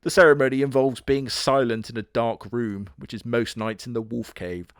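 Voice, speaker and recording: A man hosting a comedy video, giving sarcastic, crude, deadpan commentary on a horror show. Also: mid-range voice, normal speed, smooth, no room sound. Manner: dry, crude, deadpan jokes.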